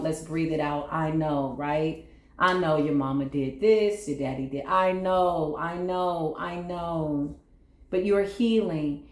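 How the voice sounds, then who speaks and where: A woman's voice: deep voice, a little mellow, echoey room. A woman giving a tarot reading on her channel, soothing and repetitive, often checking in with "right?". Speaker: tarot reader.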